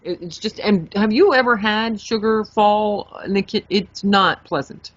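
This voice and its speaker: A young adult woman co-hosting a podcast, telling a story in a lively, animated way, swearing freely and acting out her own reactions. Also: medium pitch, unhurried, no echo. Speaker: podcast co-host. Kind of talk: casual storytelling chat. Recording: dull lo-fi podcast mic.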